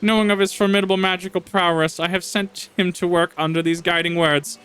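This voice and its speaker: A man's voice: sits high, fairly even intonation, brisk, a bit bright, smooth, soft background music, pitched above the performer's own voice, rough recording. A man voicing a scheming pumpkin-headed witch in a game, using a pompous villain voice rather than a female one. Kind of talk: reading game dialogue aloud.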